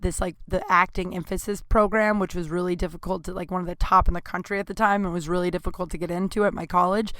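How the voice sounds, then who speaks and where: A woman's voice: medium pitch, a bit bright, clear, resonant tone, no room sound, studio quality. A woman in her thirties hosting a solo podcast, rambling candidly with lots of fillers, swearing and self-deprecating asides. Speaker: podcast host. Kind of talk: casual solo podcast monologue.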